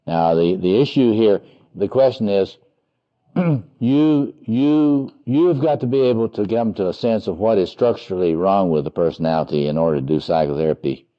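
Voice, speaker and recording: A man giving an academic seminar lecture on psychotherapy, halting and full of "uh" fillers and restarts, pressing hard on key points. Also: low voice. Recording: dull lo-fi lecture recording.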